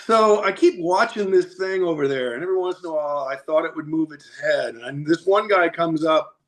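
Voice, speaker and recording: Podcast guest, male, slightly higher pitch, animated storyteller. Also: a little fast. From United States. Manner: animated, chatty, laughs often. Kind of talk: casual storytelling.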